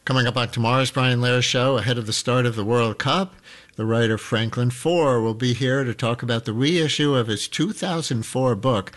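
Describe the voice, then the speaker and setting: A man hosts a call-in radio program from a studio microphone. His voice sits at an ordinary middle pitch. He talks in a steady conversational flow and stretches out phone numbers slowly and emphatically. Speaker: radio host.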